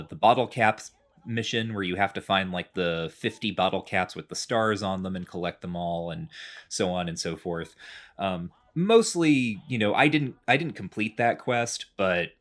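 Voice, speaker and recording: Talking at a normal speed in a lowish voice, this man co-hosts a laid-back podcast and meanders through a recap of a game. He fills his chatty explanations with lots of filler words.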